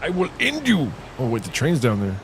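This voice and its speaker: A man's voice: mid-range voice, fairly quick, vocal fry, slight background noise. A middle-aged man giving profane, rambling commentary while streaming a video game. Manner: profane, rambling, animated storytelling. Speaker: gaming streamer. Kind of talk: casual live gameplay commentary.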